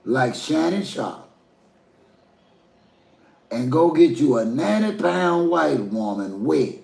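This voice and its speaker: A Southern man with a gravelly, fry-laden voice sits a touch high for a man and gives a casual, preachy rant to his viewers. His voice bounces around an echoey room. He talks folksy and direct, like someone chatting on a porch. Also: lively intonation, slow, a little mellow. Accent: Southern American. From Southern United States. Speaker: commentary vlogger.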